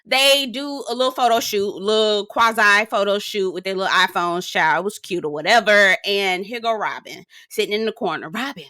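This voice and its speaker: A woman's voice: medium pitch, normal speed, hardly any pauses, bright, forceful tone, no echo, clean studio sound. A woman recapping a reality show in casual commentary, sassy and profane, mimicking the cast and laughing often.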